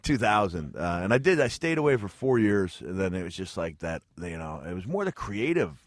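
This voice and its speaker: A man's voice: low voice, very animated, fairly quick, dry recording. A middle-aged man as a radio interview guest, telling stories in a rambling way with restarts and frequent chuckles. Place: radio studio.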